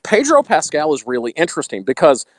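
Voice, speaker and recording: A man's voice: a little high, huge pitch swings, fast, no room sound. Chatty Texan man, dry close sound. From Texas. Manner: chatty, laughs between thoughts, puts on a slight radio voice. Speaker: podcast guest. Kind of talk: casual podcast chat.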